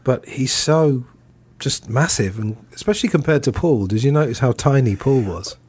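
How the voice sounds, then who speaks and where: A man's voice: medium pitch, lively intonation, moderate pace, a little mellow, slightly rough. A man hosting a podcast in a casual review chat, talking loosely and hedging often. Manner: chatty and loose, hedges often. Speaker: podcast host.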